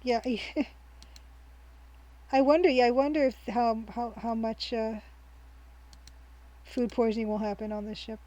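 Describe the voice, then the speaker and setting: On a game stream, a woman with a fairly high voice chats through her play in loose, wandering let's-play commentary, thinking aloud with plenty of ums and false starts. She's upbeat and quick to laugh, with a warm, steady tone, a measured pace, and frequent pauses. The recording has its high frequencies cut off.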